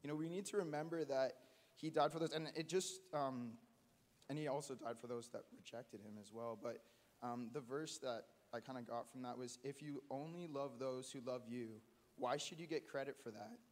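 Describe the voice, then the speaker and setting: A man giving a halting, earnest testimony at a church gathering, with many restarts. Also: mid-range voice. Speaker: church member sharing testimony. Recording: long hall reverb.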